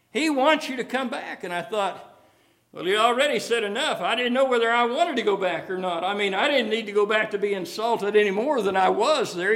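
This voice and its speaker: A man's voice: high voice, fairly bright tone. A man preaching a sermon in a folksy storytelling way, with many restarts and repeated phrases.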